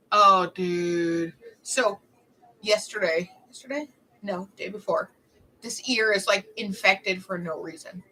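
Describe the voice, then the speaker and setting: A woman's voice: mid-range voice, slow, pauses often, sharp tone, slightly rough, low-quality recording. A young woman chatting casually on a livestream, telling rambling stories in a snarky, talkative way.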